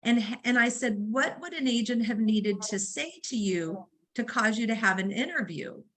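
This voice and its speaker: A woman delivers a real estate training talk in a bright, somewhat high voice. She is conversational, leans on fillers, and brings her stories to life by voicing each side of the dialogue. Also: animated, normal speed, low-quality recording. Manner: storytelling, acts out dialogue; conversational, uses fillers like um and right.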